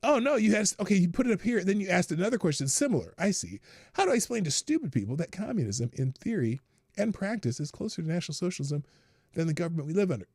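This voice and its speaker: A man with a slightly higher voice hosts a live stream, answering viewer questions bluntly, with plenty of swearing. His pitch swings widely, from low mutters up to loud yelps, and he laughs at his own jokes. The sound is dry and close, with no room echo. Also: very animated, fairly quick, husky. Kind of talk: casual unscripted chat.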